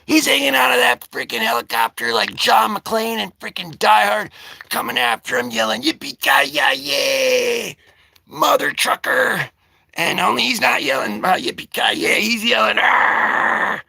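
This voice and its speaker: A man hosting a casual comic-book vlog, rambling and joking with sudden shouted bursts. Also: high-pitched, very animated, moderate pace, creaky.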